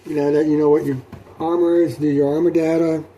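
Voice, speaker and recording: A middle-aged man talking through his solo tabletop role-playing session in a rambling, halting way, with many fillers and restarts. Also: fairly high pitch, flat delivery, dark tone. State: sleepy, yawning. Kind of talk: rambling casual talk.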